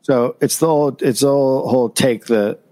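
A man's voice: mid-range voice, brisk, dark tone. A man co-hosting a comedy history podcast, reading from notes and adding dry, sarcastic asides. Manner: reads notes, then riffs with dry sarcasm.

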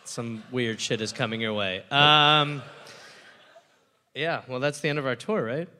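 Bright, forceful comedian man. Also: mid-range voice, a little slow, slight background noise. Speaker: podcast co-host. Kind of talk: live comedy podcast banter and ad read.

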